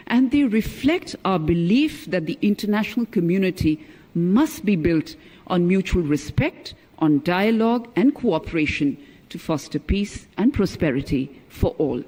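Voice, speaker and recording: Male diplomat, middle-aged, high-pitched, formal keynote, emphatic and deliberate. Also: a little mellow. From India. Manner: emphatic, stresses key words, measured delivery. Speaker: former ambassador, conference speaker.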